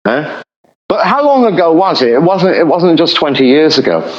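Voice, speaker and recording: Passionate male guest who lectures and repeats himself; animated delivery, dull recording. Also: fairly high pitch, moderate pace, reverberant. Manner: emphatic, lecturing, repeats for emphasis. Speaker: economist guest. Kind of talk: passionate podcast explanation. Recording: dull lo-fi audio.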